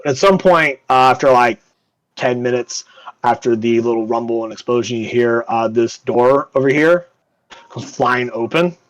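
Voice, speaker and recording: A man narrates a tabletop game as game master. His voice is mid-pitched and ordinary. He talks with energy and plenty of fillers. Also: normal speed, low-quality recording. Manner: animated, full of fillers.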